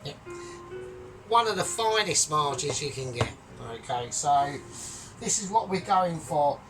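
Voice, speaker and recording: A man with a put-on Scottish accent hosting a casual home cooking vlog, jokey and boastful with loud bursts. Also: fairly high pitch, expressive, slow pace. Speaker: cooking channel host. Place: home kitchen. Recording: distant mic, music behind.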